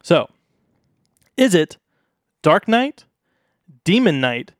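Higher-voiced chatty man, dry mic. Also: big pitch swings, drawn-out words, no room sound. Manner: chatty, hesitant, lots of fillers. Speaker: podcast co-host. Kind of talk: casual movie chat.

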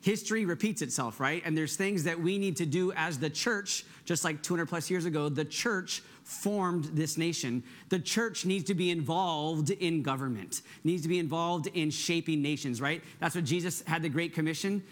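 A middle-aged pastor preaches a loose, conversational sermon to his church, his voice notably high for a man and full of lively energy. He speaks at normal speed with hardly any pauses, and keeps asking the congregation "right?"

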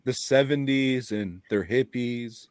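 A man's voice: mid-range voice, slow, a little mellow, no room sound. A man co-hosting a casual podcast who talks bluntly, swears constantly and laughs often. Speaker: podcast co-host.

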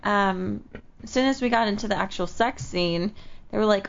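A woman's voice: medium pitch, moderate pace, creaky. A woman chatting as a guest on a radio talk show, blunt and jokey, laughing often. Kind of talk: casual interview chat. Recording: dull lo-fi radio audio.

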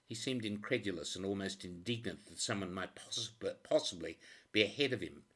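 Deep-voiced man narrating a crime story. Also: a little fast, fairly bright tone, husky. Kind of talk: audiobook narration.

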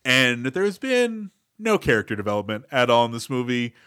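A man's voice: medium pitch, very animated, moderate pace, pushed and bright, smooth, dry recording, studio quality. A man co-hosting a movie podcast, giving wry, enthusiastic plot recaps in casual chat. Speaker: podcast co-host.

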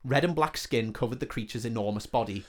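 A man's voice: mid-range voice, fast. Guy reading out a silly fantasy tale, jokey storyteller vibe. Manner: joking, laughs between lines.

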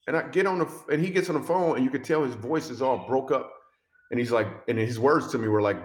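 A man's voice: medium pitch, fast, reverberant. A man, a comedian, animatedly telling a personal story in conversation, acting out quoted dialogue and speaking about faith. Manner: speaks of faith and following God's voice.

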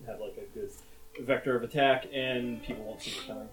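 A man's voice: mid-range voice, fairly even intonation, a little fast, faint music behind, rough recording. A man playing a tabletop game, casually thinking aloud with hesitations and fillers. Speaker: player.

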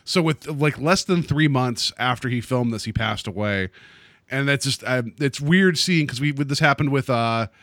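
A man's voice: mid-range voice, moderate pace, a bit bright, no room sound, studio quality. A man co-hosting a podcast in casual chat, rambling and joking as he corrects himself. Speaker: podcast co-host.

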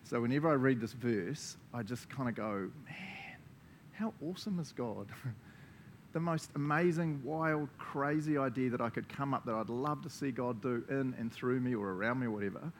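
Jokey New pastor. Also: male voice, medium pitch, moderate pace, a little hiss or hum. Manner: jokey, playful, chatty. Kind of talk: casual interactive sermon.

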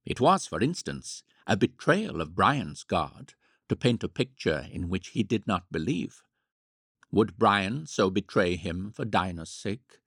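A man narrating a classic story in a measured, wry tone, his low voice gravelly and a little husky. His pitch moves with lively expression, and the recording is dry and close. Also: dry recording. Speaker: audiobook narrator. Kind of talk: scripted narration.

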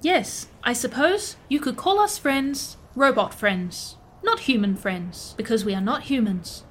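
A woman voicing a literal-minded robot scientist who speaks in a flat, formal way. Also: on the high side, measured pace, a little hiss or hum. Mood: earnest. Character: literal-minded robot scientist, water-focused, stiff and earnest.

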